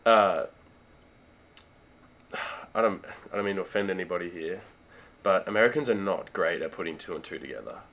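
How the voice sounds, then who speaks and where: A young Australian man with a very low voice talks in a relaxed, rambling way, full of fillers and restarts. His tone is bright and forceful despite the depth. He speaks as a guest in a casual interview chat. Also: normal speed, long pauses. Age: young adult. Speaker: guest, college football player.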